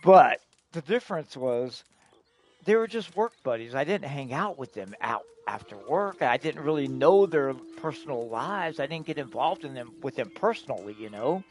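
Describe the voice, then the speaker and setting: A man's voice: medium pitch, very animated, moderate pace, darkish tone, faint music behind. A middle-aged man telling stories casually on a live stream, rambling and profane, often chuckling.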